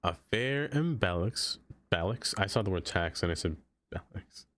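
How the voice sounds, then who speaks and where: A man's voice: low voice, animated, moderate pace, a bit bright. A man streaming a game, chatting casually, laughing often and talking to the objects he builds. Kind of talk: casual live-stream chat.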